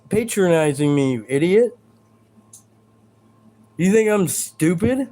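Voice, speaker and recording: A man's voice: high-pitched, lively intonation, slow pace, dark tone. A man hosting a live stream, talking to his chat in a combative, profane, ranting way.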